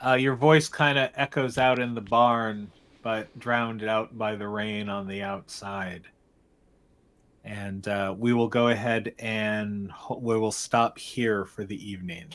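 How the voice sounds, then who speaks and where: A man running a tabletop game as game master, narrating scenes in a meandering, halting way with frequent restarts. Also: fairly low pitch, fairly even intonation, a bit bright.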